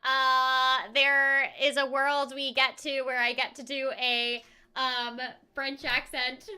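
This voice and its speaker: A woman's voice: high-pitched, little pitch movement, slow, pushed and bright, smooth. A woman streaming a game, chatting casually and playfully, greeting viewers and repeating phrases in silly voices. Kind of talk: casual gameplay chat.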